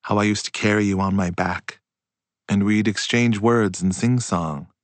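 Low-voiced guy narrating an audiobook, quiet and reflective, super dry close sound. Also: steady tone, no room sound. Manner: slow, hushed and reflective.

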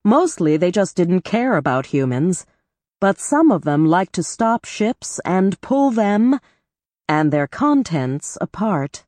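Slow, low-voiced woman narrating. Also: no echo. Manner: measured, even reading. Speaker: audiobook narrator. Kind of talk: scripted first-person narration.

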